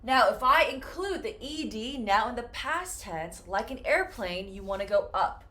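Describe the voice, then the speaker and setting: A woman teaching an English pronunciation lesson, speaking slowly and modeling example words carefully. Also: on the high side, expressive, bright, forceful tone. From United States.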